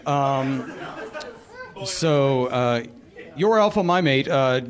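Man, reader at a bar open mic, average pitch, halting with um and uh. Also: expressive, a faint crowd. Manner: hesitant, lots of fillers. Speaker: live reader. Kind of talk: casual stage introduction. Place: live bar stage.

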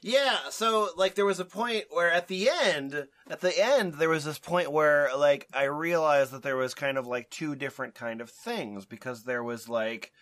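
A man's voice: fairly high pitch, moderate pace, few pauses, a bit bright, no room sound. A man co-hosting a podcast in casual group chat, rambling with many fillers and restarts and laughing often. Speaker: podcast co-host.

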